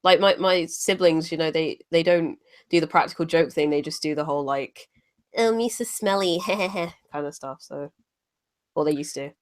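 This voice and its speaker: A woman's voice: sits low, little pitch movement, normal speed. A woman chatting as a guest on a casual stream, modest and self-deprecating with a giggle.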